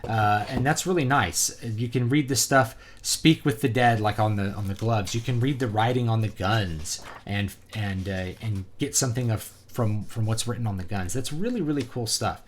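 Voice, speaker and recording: A man's voice: on the low side, moderate pace, few pauses, a little hiss or hum. A man giving a casual, opinionated product review, talking conversationally with plenty of fillers. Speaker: book reviewer and author.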